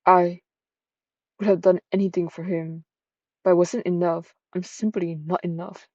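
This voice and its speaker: A woman's voice: lowish voice, flat delivery, measured pace, a little mellow, dry recording, highs cut off. A woman voicing a heartbroken, guilt-ridden young woman who was cursed, in a tearful, self-pitying confession.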